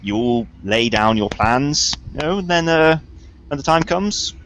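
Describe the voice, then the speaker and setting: A man doing a firm, exasperated outlaw who keeps talking down an overeager machine. His pitch swings widely, with faint ambience behind. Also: expressive, a little slow, a bit bright, a little hiss or hum. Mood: bargaining.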